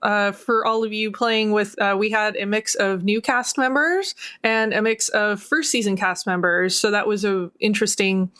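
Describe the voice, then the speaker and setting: Brief: mid-pitched woman, game master host, upbeat and encouraging. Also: fairly even intonation, normal speed, few pauses, fairly bright tone, clean tone. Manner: upbeat and praising, asks the group questions. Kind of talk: casual discussion of a finished campaign.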